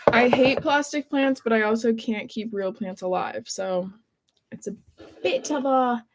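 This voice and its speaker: A woman's voice: fairly high pitch, very noisy. Giggly woman co-hosting a live stream. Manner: playful, giggly, drawn-out reactions. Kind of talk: casual chat.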